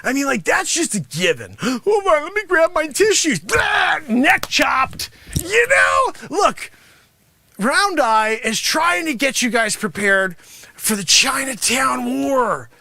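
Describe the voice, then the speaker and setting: A greedy, bossy karate sensei, put on by a man barks and hard-sells at his students in a very high, piercingly bright voice. The pitch swings wildly as he scolds, with a gravelly edge, recorded close and dry. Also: very animated, takes it slowly, heavily acted. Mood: scolding bombastic. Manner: shouting, hard-selling, scolding. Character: brash loud-mouthed male karate sensei, greedy and bossy. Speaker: host. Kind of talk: improvised comic character monologue.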